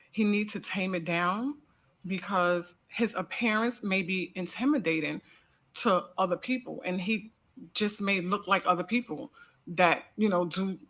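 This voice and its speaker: Bright-voiced woman testifying earnestly. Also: fairly low pitch. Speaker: character witness. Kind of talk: courtroom testimony. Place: courtroom.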